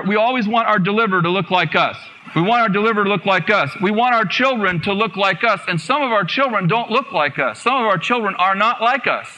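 A man's voice: sits high, sharp tone, poor audio. A man preaching a sermon to a congregation, earnest and repeating phrases for emphasis. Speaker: guest preacher.

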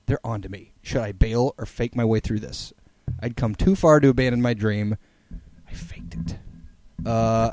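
Man reading a comic blog, mellow voice. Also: medium pitch, brisk. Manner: playful, animated storytelling. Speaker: podcast host reading a blog aloud. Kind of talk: dramatic comic reading with chat.

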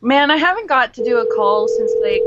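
Slow, animated, giggly female co-host on a noisy muffled call. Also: a little high. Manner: giggly, drawn-out, lively. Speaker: prank show co-host. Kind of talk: casual banter. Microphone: Skype call.

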